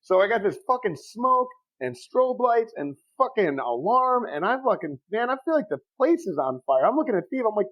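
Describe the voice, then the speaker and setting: A man's voice: high voice, fairly quick, few pauses, highs cut off. Forties guy on a podcast, swears a lot, jokey storyteller, voice bouncing all over. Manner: profane, joking, animated storyteller. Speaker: podcast co-host.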